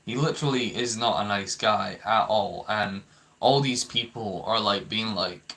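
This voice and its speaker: An unhurried young man with a lowish, fairly bright voice vents to his viewers on camera as a vlogger. The rant is heated and full of swearing, broken up by frequent stammered restarts.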